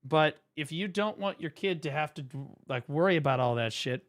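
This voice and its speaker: A man, a former teacher, chatting casually on stream and telling stories, profane and animated. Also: a little high, normal speed, few pauses. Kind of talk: casual stream chat and storytelling.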